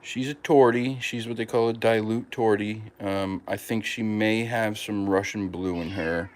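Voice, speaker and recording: Deep-voiced man rambling casually at home. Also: steady tone, a little slow, a little mellow. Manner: rambling, with many fillers and restarts; talks fondly about his pets. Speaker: podcast host. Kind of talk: casual chat.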